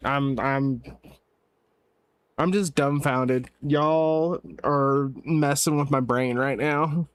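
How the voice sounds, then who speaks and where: A man hosting a gaming live stream, chatting casually in an animated, incredulous way and laughing often. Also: mid-range voice, drawn-out words, clean tone, dry recording.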